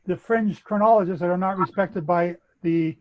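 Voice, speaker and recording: A man's voice: sits high, moderate pace, highs cut off. A man with a Canadian accent, methodically explaining a bible chronology as a guest speaker. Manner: methodical, lecturing.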